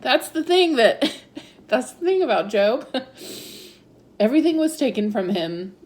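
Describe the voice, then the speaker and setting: A woman's voice: high voice, animated, slow. A woman in her thirties telling her personal story in a chatty way, full of fillers and frequent laughs. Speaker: interviewee sharing her story.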